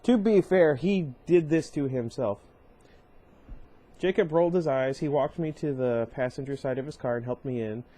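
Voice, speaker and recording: A man's voice: mid-range voice, moderate pace, mellow. A man reading a novel aloud, stumbling now and then and breaking off for wry asides. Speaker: reader.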